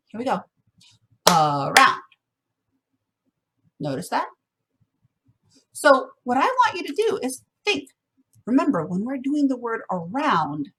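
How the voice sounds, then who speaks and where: Woman, music teacher, online lesson for first graders, encouraging, fairly high voice, slightly breathy. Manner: bright, encouraging, sings song examples.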